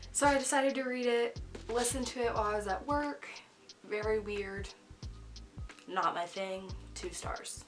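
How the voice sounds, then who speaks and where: Woman, book vlogger, casual chat, middle pitch, faint background music. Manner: chatty, candid, frequent "um" and "like".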